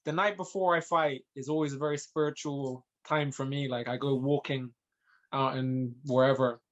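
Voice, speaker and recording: A man hosting a casual podcast chat, relaxed and hesitant, with many fillers. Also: on the high side.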